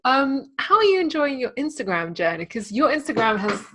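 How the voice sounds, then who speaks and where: A woman's voice: high voice, sing-song, moderate pace, pushed and bright. A woman hosting a podcast interview, chatting casually and encouraging her guest. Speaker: podcast host.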